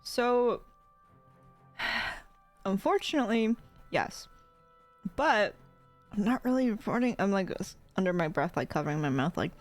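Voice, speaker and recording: A woman's voice: mid-range voice, lively intonation, a little slow, long pauses, faint music behind. A woman playing a tabletop game, chatting in a playful, giggly way. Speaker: player. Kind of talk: casual tabletop play.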